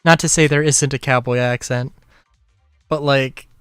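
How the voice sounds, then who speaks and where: A male streamer rambles through casual asides, chuckling and trailing off, at an unhurried pace. His voice is smooth and clear on a dry, close mic, and soft music runs underneath. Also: medium pitch, fairly even intonation, dry recording. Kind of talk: casual gameplay commentary.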